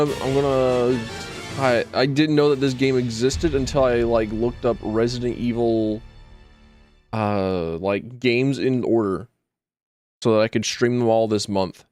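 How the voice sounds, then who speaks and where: A man streaming a video game, chatting casually and rambling with jokey, self-deprecating asides. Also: mid-range voice. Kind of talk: casual gaming stream chat.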